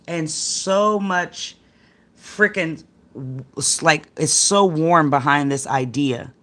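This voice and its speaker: A woman's voice: fairly low pitch, fairly bright tone. A middle-aged woman giving a casual tarot reading on a livestream, talking in a rambling, slangy, chatty way to her viewers. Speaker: tarot card reader.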